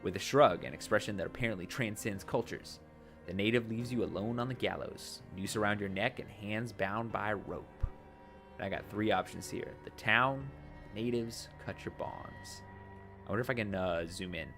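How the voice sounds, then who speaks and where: A man with a low-leaning, fairly bright voice speaks at normal speed while faint music plays behind him. He narrates a text adventure game dramatically in a fake accent and pauses for casual asides to the audience.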